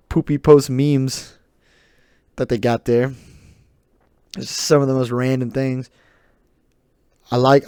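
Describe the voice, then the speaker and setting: A man's voice: medium pitch, dark tone, smooth, dry recording, studio quality. A young adult man hosting his own podcast in a rambling, joking, loose and opinionated monologue. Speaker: podcast host. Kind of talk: casual solo podcast monologue.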